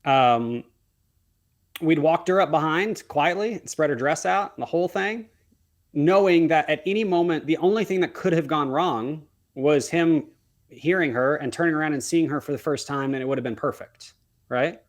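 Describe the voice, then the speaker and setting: A wedding photographer appearing as a podcast guest tells a story earnestly, in a slightly high voice at a moderate pace. He keeps restarting and correcting himself, acting out remembered dialogue as he goes.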